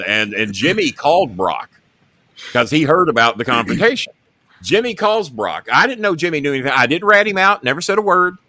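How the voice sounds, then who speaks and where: A man's voice: mid-range voice, bright, forceful tone, dry recording. A middle-aged man hosting a talk show, telling a long story and acting out the quotes in it.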